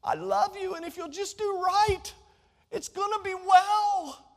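Pleading fatherly male God, put on by a male preacher, raised high voice, coaxing, reverberant hall. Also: fairly even intonation, measured pace, vocal fry, full character voice.

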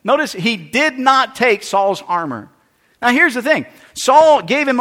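A man's voice: extremely high pitch, big pitch swings, unhurried, fairly bright tone. A man preaching a sermon with dramatic delivery, acting out the voices of Bible figures and worried churchgoers. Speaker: pastor. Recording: long hall reverb.

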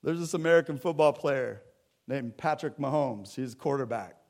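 A man's voice: medium pitch, normal speed, a little mellow. A man preaching a sermon as pastor in a church, talking with the congregation in a conversational way and acting out Bible scenes. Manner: acts out Bible scenes in quoted voices. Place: church sanctuary.

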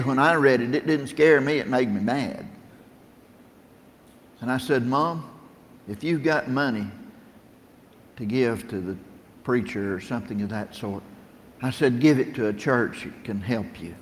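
A middle-aged man preaches in a plain-spoken, storytelling way, raising his voice whenever he quotes scripture. His medium-pitched voice carries the long reverb of a large room, with slight background noise.

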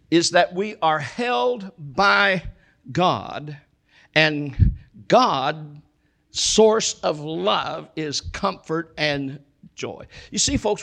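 A male pastor delivers a sermon with a gravelly edge to his voice. He preaches emphatically, drawing key phrases out slowly. His voice sits a little on the high side for a man. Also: animated, pushed and bright.

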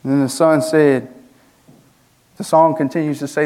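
A man's voice: a little high, steady tone, moderate pace, long pauses, a little mellow. A young man, a student pastor, preaching a sermon with rhetorical questions and rising emphasis.

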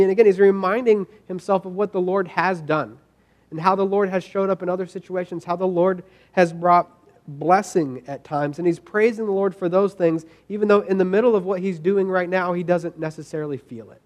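A man's voice: high-pitched, steady tone, normal speed, a little mellow. Earnest man preaching in a casual way. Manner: casual, earnest, many "like" fillers and restarts. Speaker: pastor. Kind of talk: conversational sermon with scripture reading.

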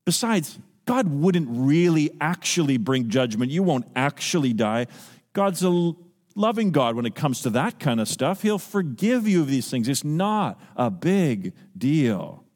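A man voicing a soft-spoken male serpent who coaxes gently and reassuringly. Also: very high-pitched, sing-song, normal speed, pitched above the performer's own voice. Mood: soothing.

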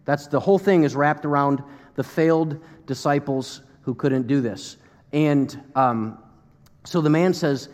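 American pastor preaching in a reverberant hall. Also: male voice, a little high, a little slow. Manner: conversational, with fillers and acted-out quotes. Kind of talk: sermon.

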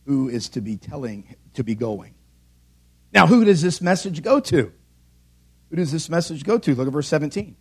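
With big pitch swings and a fairly quick pace, a husky, high-voiced pastor drives home each line of his church sermon. Repeated calls and rhetorical questions press his points as his delivery rises and falls.

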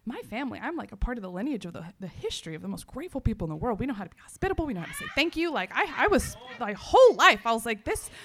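A woman from Texas, giving an animated personal testimony to a church audience, full of fillers and quoted self-talk. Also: a little high, very fast, hardly any pauses, slight background noise.

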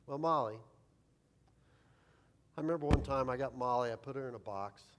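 Self-mocking pastor telling a funny story. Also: male voice, medium pitch, moderate pace, background noise. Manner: humorous, self-deprecating storyteller. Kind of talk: sermon storytelling.

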